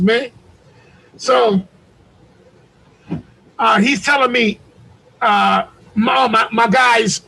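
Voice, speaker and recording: A man's voice: extremely high pitch, creaky, bright, forceful tone, breathy edge, rough recording. A man on a video call recounting a story in a profane, heated way, acting out what people said. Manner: profane, heated retelling with acted-out quotes. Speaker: podcast co-host. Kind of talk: animated storytelling.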